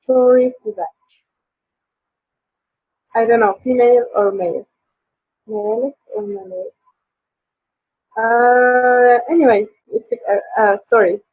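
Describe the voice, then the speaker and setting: A woman's voice: a little high, fairly even intonation, a little slow, pauses often, slightly rough. A woman teaching a live online English class, hesitant and full of fillers, over dull lo-fi call audio. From Tunisia.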